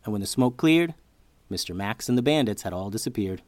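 Man, children's story podcast host, expressive storytelling, lively pitch, dry close read. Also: fairly quick, no echo. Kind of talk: storytelling narration for kids.

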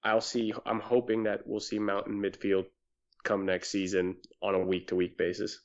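A man with a lowish voice talks through his points bluntly and with emphasis. It is casual sports chat between co-hosts. The audio sounds dull and lo-fi. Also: little pitch movement, moderate pace. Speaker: podcast co-host.

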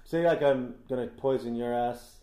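A man's voice: mid-range voice, moderate pace, dark tone, reverberant, rough recording. A man co-hosting a podcast, reading a story aloud with frequent laughs and stumbles. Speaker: podcast co-host.

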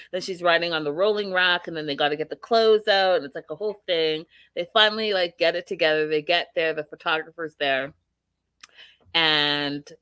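Chatty woman recapping reality TV. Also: dry recording. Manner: chatty, animated, acts out quotes with rising pitch. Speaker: podcast host reviewing reality TV. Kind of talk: casual recap and commentary.

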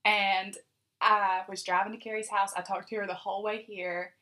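A woman's voice: mid-range voice, normal speed. Chatty woman co-hosting a podcast. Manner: animated storytelling, laughs often. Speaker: podcast co-host. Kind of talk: casual chat.

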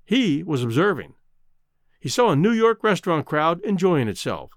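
A man narrating a classic story in an expressive storytelling manner. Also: on the high side, moderate pace, no echo, studio quality. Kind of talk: audiobook narration.

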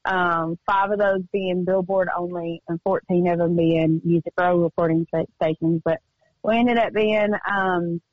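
A woman's voice: on the low side, fairly even intonation, no room sound. Chatty upbeat woman, dry dull audio. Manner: chatty, upbeat, quick storytelling. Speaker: guest singer-songwriter. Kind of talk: casual radio interview chat. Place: remote call from home studio.

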